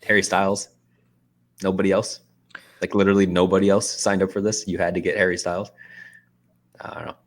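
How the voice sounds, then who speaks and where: Deep-voiced sarcastic podcast guy. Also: flat delivery, fairly quick, long pauses. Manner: blunt, sarcastic, hesitant with ums. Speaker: podcast co-host. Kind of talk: casual podcast chat.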